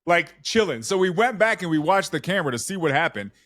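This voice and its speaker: A man chatting casually on a podcast and telling stories in a slangy, animated way. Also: fairly high pitch, quick pace, dry recording, studio quality.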